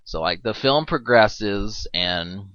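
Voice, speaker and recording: Low-voiced guy rambling thru a movie commentary, lots of likes, dull dry lo-fi sound. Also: animated, slow pace, a bit bright, no room sound. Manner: rambling, full of "like" and restarts, laughs often; swears casually.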